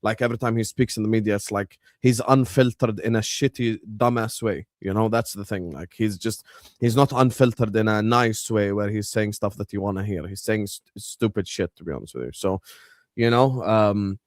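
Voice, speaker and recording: A man's voice: fairly low pitch, normal speed, no echo, studio quality. Combative, ranting male co-host. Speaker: podcast co-host. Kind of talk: heated football banter.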